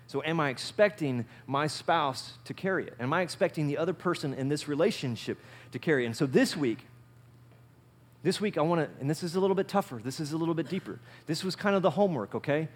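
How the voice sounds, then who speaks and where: A male pastor preaching a sermon in a relaxed, conversational way, with a fairly high-pitched voice. He repeats his phrases and moves between loud, punchy lines and quiet asides. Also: fast, slightly rough.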